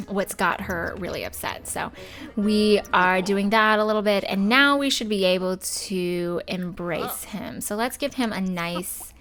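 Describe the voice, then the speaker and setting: A woman hosting a casual let's play, chatting expressively about the story of her life-sim game. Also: mid-range voice. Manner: chatty and expressive, full of fillers. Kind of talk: casual gameplay commentary.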